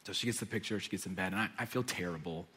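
A man in his thirties, a pastor giving a sermon, telling a family story and swinging from hushed asides to loud emphatic preaching. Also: low-pitched, racing. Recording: long reverb of a large hall.

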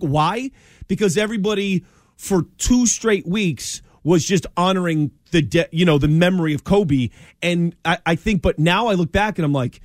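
A man's voice: sits high, lively intonation, normal speed, no room sound, clean studio sound. A man co-hosting sports talk radio, opinionated and emphatic, often stammering as he restarts sentences.

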